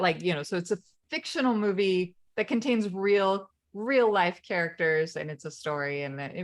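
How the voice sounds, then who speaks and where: Chatty woman retelling a movie scene. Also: fairly low pitch. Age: parent of children. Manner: rambling storyteller, laughs often, retells scenes. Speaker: podcast co-host. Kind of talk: casual conversation.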